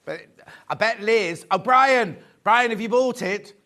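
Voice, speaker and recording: Male shopping-channel host, light higher voice, jokey and chatty, corrects himself as he goes. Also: unhurried, pushed and bright. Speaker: shopping TV presenter. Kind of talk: live selling chat, reading viewer messages. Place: TV studio.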